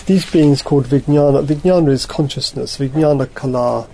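His medium-pitched voice is creaky and dark in tone, and the recording is rough. Leading a study group, the man reads passages aloud and explains them with thoughtful hesitation, frequently correcting himself mid-sentence.

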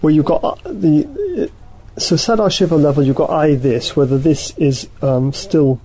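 A man teaching a study group, reading passages aloud and then explaining them in a halting, thoughtful way, often correcting himself mid-sentence. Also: fairly high pitch, expressive, dark tone, slight background noise, low-quality recording.

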